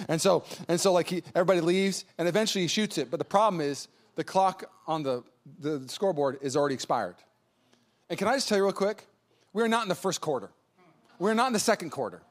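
A male pastor giving an energetic sermon, joking in asides and building to fervent calls to prayer. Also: high-pitched, fast talker. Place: church service.

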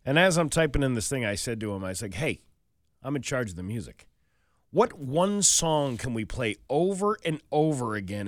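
A man's voice: mid-range voice, no room sound, studio quality. A man casually telling a funny workplace story, acting out what people said. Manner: animated storyteller, acts out quotes, sings a snippet.

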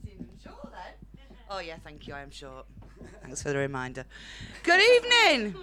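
A woman's voice: lowish voice, huge pitch swings, moderate pace, bright, forceful tone. A young woman with a Northern English accent doing a blunt, chatty stand-up set on a comedy club stage, laughing at her own jokes. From Northern England.

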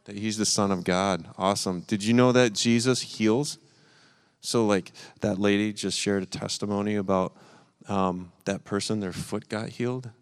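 A man's voice: lowish voice, steady tone, normal speed, clear, resonant tone. A man leading a live church service, encouraging and upbeat, talking with plenty of fillers. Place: church sanctuary.

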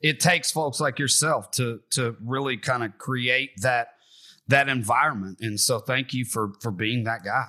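Bright-voiced earnest male guest. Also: medium pitch, unhurried. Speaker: podcast guest. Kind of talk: casual podcast conversation.

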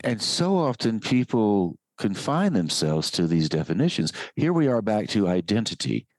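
A man speaking in a calm, unhurried, musing way, dwelling on his words. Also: lowish voice. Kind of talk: slow reflective talk.

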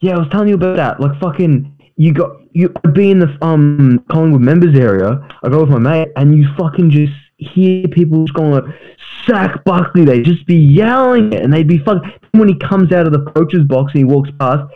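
A man chats loosely about football, swearing all the time and laughing at his own stories. His voice sits high for a man. The recording sounds dull and lo-fi. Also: brisk. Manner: swears constantly, laughs often. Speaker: podcast co-host. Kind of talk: casual sports chat.

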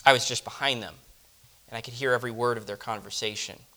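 A man delivering a first-person dramatic monologue, reflective and often dropping to a hush. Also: mid-range voice, steady tone, fast talker. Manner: reflective, dropping to hushed tones. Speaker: storyteller.

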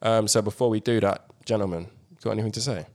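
A man's voice: lowish voice, fast. A young man hosting a podcast, chatting casually and swearing freely. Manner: slangy, animated, swears freely. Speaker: podcast host. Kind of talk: casual chat.

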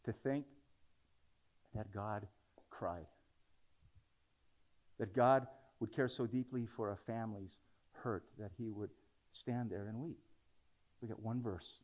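A man's voice: on the low side, slow pace, pauses often, darkish tone. A man preaching a sermon, talking conversationally and building into dramatic scripture readings.

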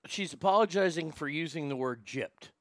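A man's voice: on the high side, normal speed, a bit bright, no echo. A man co-hosting a podcast, rambling through news stories in crude, profane, casual commentary. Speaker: podcast co-host.

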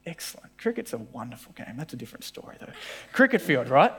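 A man preaching a sermon in church, animated and often acting out the voices in his stories. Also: mid-range voice, fast talker, slight background noise. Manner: animated, acts out voices in quoted dialogue. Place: church service with congregation.

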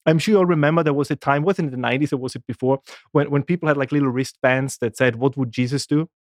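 A man, a guest making lively, animated arguments in a casual political discussion. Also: medium pitch, fast, no echo, clean studio sound. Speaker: guest commentator.

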